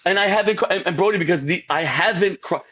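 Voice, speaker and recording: Husky, high-voiced man giving heartfelt testimony. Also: quick pace, pushed and bright, rough recording. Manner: rambling, stammering restarts, keeps addressing the host by name. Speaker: podcast guest. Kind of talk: emotional faith testimony in casual talk.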